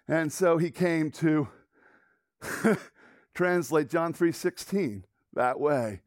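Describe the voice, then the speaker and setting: A man preaching a sermon, animated and storytelling, dropping to hushed asides and rising to loud exclamations. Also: a little high, slow, long pauses, no room sound, clean studio sound. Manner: frequent restarts and laughs while telling stories.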